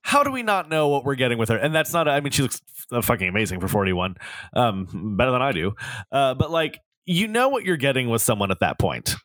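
A man's voice: medium pitch, big pitch swings, brisk, fairly bright tone, dry recording, poor audio. Wordy, storytelling male podcast co-host. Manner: wordy storyteller, swears casually. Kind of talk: casual chat.

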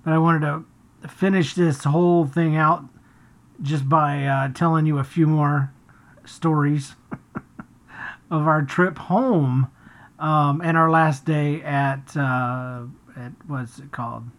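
On her family podcast, this woman rambles and chuckles through stories, often starting over. Her voice sits low with fairly even intonation, and she speaks slowly in a casual, chatty style.

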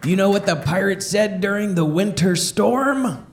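A man as a jolly high-voiced pirate comic. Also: expressive, heavy background noise. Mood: cheerful. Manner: repeats each question, then slows down for the punchline. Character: jolly joke-telling male pirate comedian. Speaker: comedian. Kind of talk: family-friendly pirate joke routine.

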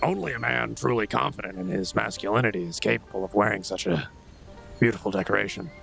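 A man's voice: on the low side, fast, vocal fry, fairly bright tone, soft background music. A man playing a tabletop game in character, teasing and playfully gallant. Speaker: player.

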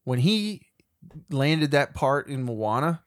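A man's voice: mid-range voice, big pitch swings, slow, no echo, studio quality. A man co-hosting a podcast in casual chat, emphatic and swearing when worked up. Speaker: podcast co-host.

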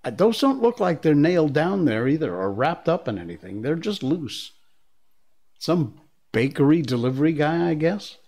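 Excitable man hosting a live stream. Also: on the high side, moderate pace. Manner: excitable, laughing, rambling. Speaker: livestream host. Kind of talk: casual live-stream commentary.

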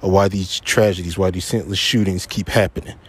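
A man with a low-pitched, husky voice and a steady tone talks fast while hosting his own podcast. The solo episode is an angry, profanity-laden rant where, upset and frustrated, he keeps repeating himself to drive points home.

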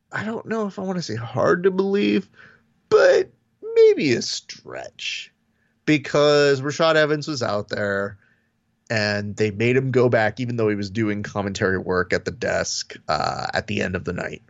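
Animated, gravelly podcast co-host man. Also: unhurried, no echo, highs cut off. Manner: animated, acts out quotes with falsetto and whispers. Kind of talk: casual chat.

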